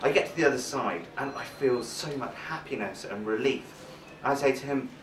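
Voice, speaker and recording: A man's voice: mid-range voice, brisk, slight background noise. Young man doing stand-up, heard from a distant mic with roomy sound. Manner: animated, self-mocking storytelling that jumps between voices. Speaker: stand-up comedian. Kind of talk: stand-up comedy storytelling. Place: comedy stage.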